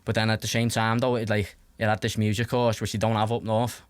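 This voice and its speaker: This young Scouser from Liverpool, England, is a podcast guest telling rambling, casual stories packed with fillers, restarts, and swearing. His fairly low, clear, resonant voice shows little pitch movement and goes a little fast, with no room sound.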